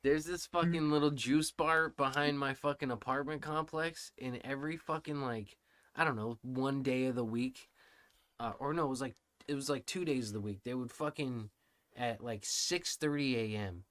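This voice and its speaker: Brief: male podcast co-host, bright forward tone, dry close sound, swears constantly, animated storyteller. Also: medium pitch, moderate pace, no echo. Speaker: father of three. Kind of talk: casual chat.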